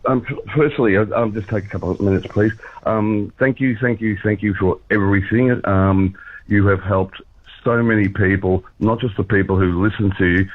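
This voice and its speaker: Man, Australian accent, radio caller, low voice, emotional, halting, muffled phone line. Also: no room sound. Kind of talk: talkback call-in.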